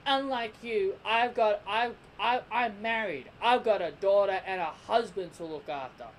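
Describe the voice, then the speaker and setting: A man's voice: sits high, a little slow, a little hiss or hum, poor audio. A man quoting a tough female fighter from a cartoon in a plain, matter-of-fact voice, close to his own. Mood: firm.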